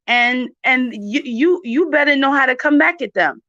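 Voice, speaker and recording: A woman's voice: sits high, moderate pace, pushed and bright, dry recording. A woman, talking emphatically and directly to her viewers in a casual chat. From New York. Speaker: channel host. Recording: dry, dull lo-fi sound.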